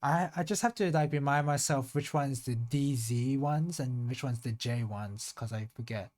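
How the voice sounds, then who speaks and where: A streamer thinking aloud in casual live-stream talk, slowly sounding out Japanese words syllable by syllable and trailing off into mutters. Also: medium pitch, darkish tone.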